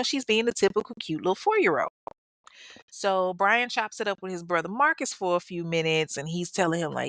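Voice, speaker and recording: A woman's voice: lowish voice, animated, a little fast, a bit bright, no room sound, clean studio sound. A woman podcast host telling a true-crime story casually, with sassy, profane, humorous asides.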